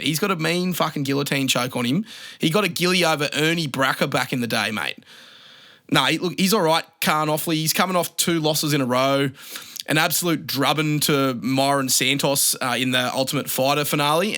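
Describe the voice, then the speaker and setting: A man's voice: mid-range voice, sharp tone. A young Australian man hosting a casual fight-prediction show, talking in a blunt, sweary, joking way. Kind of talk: casual solo commentary.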